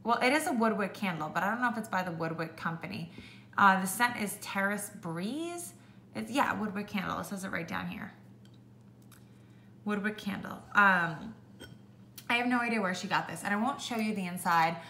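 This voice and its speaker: Young woman, casual reviewer, chatty with many fillers, bright tone in an echoey room. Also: medium pitch, moderate pace, a little hiss or hum. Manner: chatty, heavy use of "like", animated when ranting. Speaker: beauty vlogger. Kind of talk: casual product review chat.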